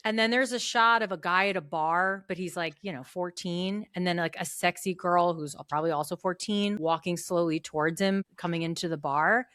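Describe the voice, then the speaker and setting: A woman's voice: fairly low pitch, normal speed, few pauses, a bit bright, no echo, studio quality. A middle-aged woman co-hosting a podcast, chatting and reading an old journal entry with a laugh here and there. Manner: chatty, laughs through her stories. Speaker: podcast co-host.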